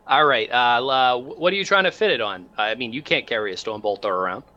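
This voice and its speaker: A man voicing a gruff, cursing cyborg lieutenant in a tabletop game. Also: mid-range voice, fast, bright, forceful tone, lo-fi sound, close to an everyday voice. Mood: brusque. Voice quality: brusque and swearing. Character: gruff cyborg male guard lieutenant, brusque.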